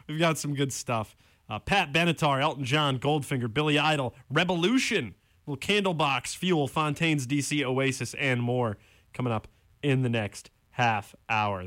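A man's voice: on the high side, a bit bright, no room sound. A young man working as a college radio DJ, ranting on air in a casual, exasperated way and then introducing songs and announcements from a studio microphone. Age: young adult.

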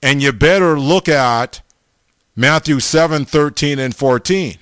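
A man's voice: fairly high pitch, unhurried, fairly bright tone, clear, resonant tone, no echo, clean studio sound. A man preaching a sermon, blunt and emphatic, stammering over restarts and repeating himself for stress.

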